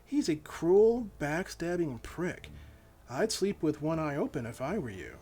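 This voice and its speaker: A man's voice: a little high, very animated, fairly quick, a little mellow, soft background music. A man voicing a cruel, playful female villain in a storybook reading, with a mocking, teasing delivery. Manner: mocking, teasing sing-song lines.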